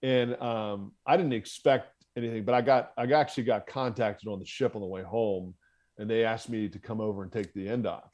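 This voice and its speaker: A man's voice: lowish voice, steady tone, a little fast, darkish tone, dull audio. Candid, profane male storyteller. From United States. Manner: candid and profane, laughing at himself. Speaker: podcast guest, former Marine officer. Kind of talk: casual storytelling in conversation.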